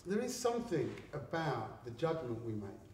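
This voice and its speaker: An Englishman rambles through stories in casual talk at an indoor art gallery, swearing and laughing, his medium-pitched voice sing-song, moderately paced and a little mellow. The room is very echoey, the mic far off, with faint background noise.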